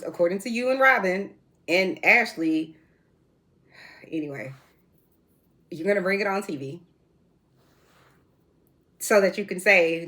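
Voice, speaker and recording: A woman's voice: medium pitch, a bit bright. A woman hosting her own reality TV recap show, talking casually and bluntly to her viewers in slangy, sassy asides from indoors at home.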